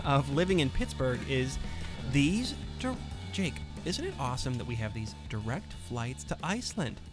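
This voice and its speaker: A man's voice: medium pitch, sing-song, normal speed, music in the background. A man hosting a casual comedy podcast, rambling and cutting himself off mid-sentence as he jokes with his co-hosts. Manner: rambling, self-interrupting, joking. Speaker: podcast host.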